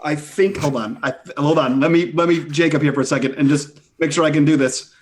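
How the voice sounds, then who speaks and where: A man playing a tabletop game, excitable and quick to swear and laugh. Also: fairly high pitch. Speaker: player. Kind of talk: casual tabletop play.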